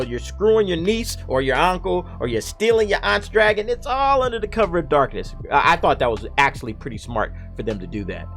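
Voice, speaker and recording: A man giving a casual, animated spoken review of a TV episode, now and then acting out the characters' lines. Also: on the high side.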